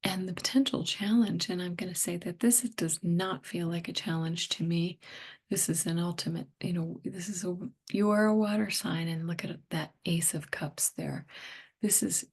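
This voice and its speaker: A middle-aged woman giving a tarot reading, hoarse and losing her voice, half whispering in a gentle, musing way. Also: lowish voice, fairly even intonation, moderate pace. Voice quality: breathy, partly whispered. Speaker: tarot reader.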